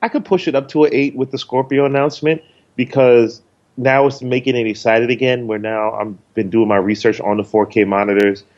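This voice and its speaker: A man's voice: medium pitch, fairly even intonation, a little fast, a little mellow, highs cut off. A man co-hosting a podcast, talking loosely and rambling with lots of ums and casual swearing. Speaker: podcast co-host.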